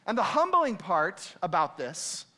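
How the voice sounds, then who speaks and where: A young man preaching a sermon, animated, who laughs and acts out quoted voices. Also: sits high, a little slow. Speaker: pastor.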